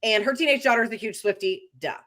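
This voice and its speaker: A young adult woman chatting casually and emphatically. Her voice sits a little high, and her talk is full of fillers and asides. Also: quick pace, a bit bright. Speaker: podcast co-host. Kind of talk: casual chat.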